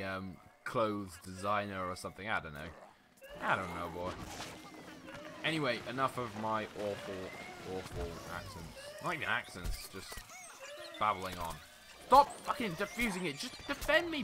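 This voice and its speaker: A young man giving casual, rambling commentary over his own gameplay, full of fillers and sudden excited outbursts. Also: medium pitch. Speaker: gaming video host.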